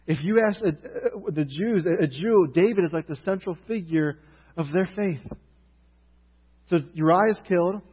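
A man preaching a sermon, retelling a story with animated emphasis and building intensity. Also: a little high, breathy edge, in a large hall, muffled recording.

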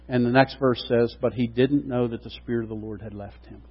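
A middle-aged man preaching a sermon, acting out quotes with lively asides to the congregation. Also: medium pitch, a little fast, few pauses. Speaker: pastor. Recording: dull lo-fi sound with long hall reverb.

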